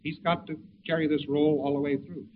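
A man giving a conversational lecture, halting and repeating words as he goes, on a lo-fi tape with faint hiss. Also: on the high side, flat delivery.

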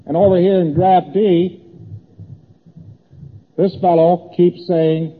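A man's voice: high-pitched, little pitch movement, slow pace, pauses often. Tinny old lecture by a man. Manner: conversational, repeats points, acts out little exchanges. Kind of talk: lecture explaining graphs on a board. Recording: tinny old tape in a reverberant hall.

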